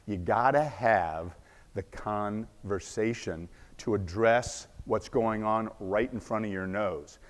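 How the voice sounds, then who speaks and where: A man giving a conference talk, telling a dramatic story and shifting between loud bursts and hushed asides. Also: fairly low pitch, takes it slowly. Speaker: conference speaker. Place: conference stage. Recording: echoey conference hall.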